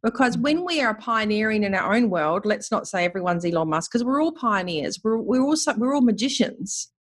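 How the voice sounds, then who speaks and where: A woman hosting a spiritual conversation, speaking in an enthusiastic, flowing and expressive way. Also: medium pitch, brisk. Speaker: podcast host.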